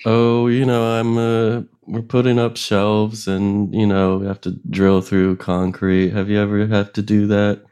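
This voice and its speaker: A man's voice: on the low side, completely flat delivery, unhurried, hardly any pauses, dark tone, clear, resonant tone. A man co-hosting a comedy game show over a video call, laid-back and drawling in casual banter. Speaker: co-host.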